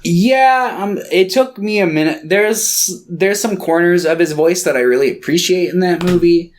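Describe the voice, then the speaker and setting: A man in his twenties co-hosting a podcast, relaxed in casual chat, with dry jokes and casual swearing. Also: high-pitched, moderate pace. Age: 20s. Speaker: podcast co-host.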